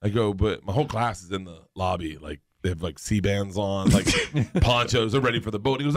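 A man guesting on a talk show, telling animated anecdotes with frequent laughter and acted-out voices. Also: fairly low pitch, a little fast, few pauses. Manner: animated, laughs often, acts out voices in stories. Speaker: guest storyteller. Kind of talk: casual chat, anecdote telling.

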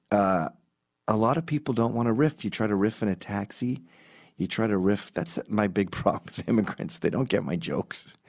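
A middle-aged man telling comic stories in a rambling, self-correcting way, squeaking up for quoted voices. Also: darkish tone. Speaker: comedian. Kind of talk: casual storytelling monologue.

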